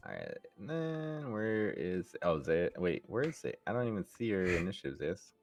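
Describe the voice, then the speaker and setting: A man's voice: low voice, wildly swooping pitch, moderate pace, over music. A man running a live tabletop game as game master, in a loose, chatty way and often laughing.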